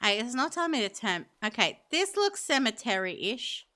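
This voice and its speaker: A woman's voice: a little high, big pitch swings, normal speed, bright, forceful tone. A woman chatting with her stream while playing a game, thinking aloud with many fillers. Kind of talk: casual live-stream chat while gaming.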